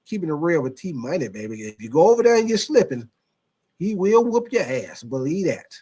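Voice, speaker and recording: Animated man hosting a sports livestream. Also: on the high side, brisk, slightly rough. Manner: animated, slangy, reads out viewer comments. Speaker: host. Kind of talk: casual sports livestream talk.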